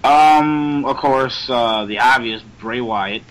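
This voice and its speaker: A man's voice: medium pitch, takes it slowly, a little hiss or hum, low-quality recording. A man chatting casually about wrestling as a podcast co-host, laid-back and slangy.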